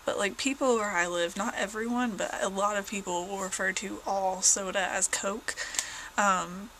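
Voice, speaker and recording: A young woman talks in a casual, rambling way, full of fillers. Her voice is bright and clear at a middle pitch. A faint hiss of noise sits under the recording. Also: steady tone, normal speed, rough recording. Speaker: vlogger. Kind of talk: casual chat.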